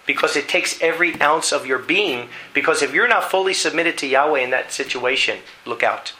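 A man preaches a sermon, telling a dramatic story and acting out voices as he goes. His voice is slightly high and very bright, with a cutting edge. Faint noise hangs in the background. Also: a little fast, rough recording. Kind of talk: sermon with storytelling and scripture reading.

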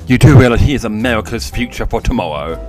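A man voicing a flustered, bossy woman prime minister who keeps telling people to hush, with faint guitar music behind him. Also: medium pitch, animated. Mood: scolding. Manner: scolding and hurried.

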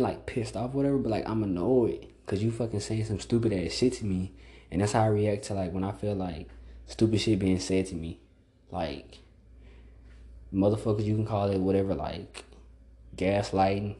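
A man's voice: lowish voice, warm tone. A man hosting a casual solo podcast monologue, blunt and profane, filling every phrase with "like.". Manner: blunt, profane, repeats "like" constantly. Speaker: podcast host.

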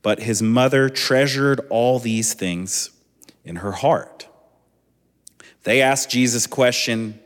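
A man in his thirties preaching a sermon as a pastor, relaxed and conversational with chatty asides. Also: mid-range voice, slow. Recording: long echoing hall reverb.

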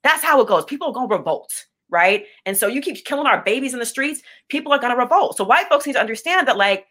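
A young adult woman who owns a business speaks candidly as an interview guest, impassioned and blunt, often repeating words as she restarts sentences. Her voice is on the high side and fairly bright, with lively intonation, and she talks fast.

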